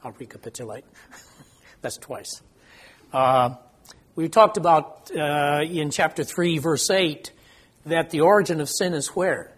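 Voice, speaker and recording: An older man with a high-leaning, breathy voice takes his time, pausing often. In a conversational Bible study, he quizzes participants and teases himself about his memory.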